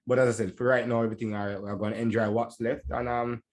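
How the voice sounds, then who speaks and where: A man's voice: medium pitch, level tone, quick pace. A man co-hosting a podcast, chatting in an easygoing, rambling way. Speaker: podcast co-host. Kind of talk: casual podcast chat.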